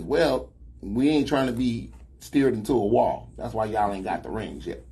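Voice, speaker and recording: A man's voice: medium pitch, measured pace, darkish tone, breathy edge. A man with a Chicago accent and Southern slang, hosting a casual talk show with emphatic, preachy phrasing. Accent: Chicago Black American English with Southern slang. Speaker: host.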